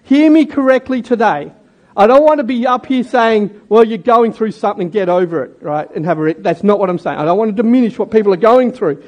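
A man's voice: high-pitched, animated, brisk, darkish tone. A man preaching a sermon in a jokey, conversational way and talking directly to his congregation. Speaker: pastor.

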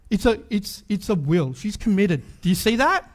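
A man's voice: high-pitched, very animated, moderate pace. A man preaching a sermon in a chatty way, full of asides and rhetorical questions.

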